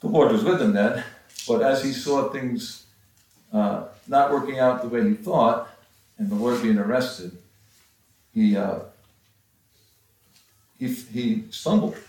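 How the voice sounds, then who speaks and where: A man's voice: medium pitch, steady tone, darkish tone. Man preaching in a very echoey room. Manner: halting, many restarts and fillers. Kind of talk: sermon, Bible teaching. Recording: far from the mic in a very echoey room.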